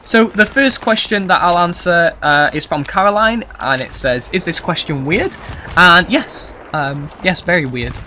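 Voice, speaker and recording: A man's voice: high voice, animated, a little slow, sharp tone, slight background noise. A young man with a Yorkshire accent, rambling nervously and swearing through a casual Q&A commentary video. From Yorkshire, England. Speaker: gaming YouTuber.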